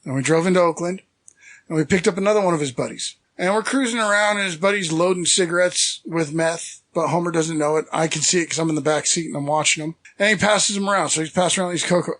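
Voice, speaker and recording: A man's voice: on the high side, fast, fairly bright tone. A middle-aged man from the San Francisco Bay Area, a podcast guest telling rambling, self-deprecating stories in casual chat and acting out what people said. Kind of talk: casual storytelling.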